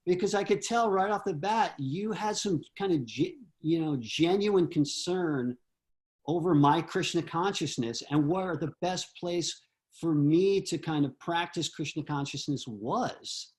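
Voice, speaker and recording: A man's voice: on the high side, a little slow. A man on a video call, earnestly telling a personal memory with many fillers and restarts. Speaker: disciple giving homage.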